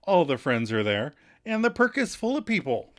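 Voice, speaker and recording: Wry man co-hosting a podcast. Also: normal speed. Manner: dry, wry asides, drops low for deadpan jokes. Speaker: podcast co-host. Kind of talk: casual recap chat.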